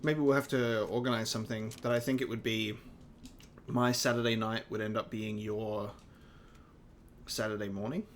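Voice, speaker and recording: A man's voice: lowish voice, little pitch movement, normal speed, long pauses, slight background noise. A man with an Australian accent chatting casually while streaming a co-op game, laid-back and rambling with fillers. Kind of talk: casual co-op gaming chat.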